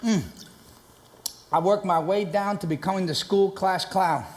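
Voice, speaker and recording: A brash New man works a theater crowd in a one-man comedy show, talking streetwise and animated. The stage sound is roomy, with noise all around him. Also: high voice, measured pace. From Queens, New York. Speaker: comedian and actor.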